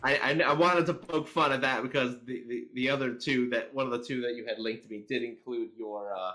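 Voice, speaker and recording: Bright-voiced man on a casual podcast. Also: medium pitch, steady tone. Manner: reads out statistics haltingly, many fillers. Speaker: co-host. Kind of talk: casual political commentary chat.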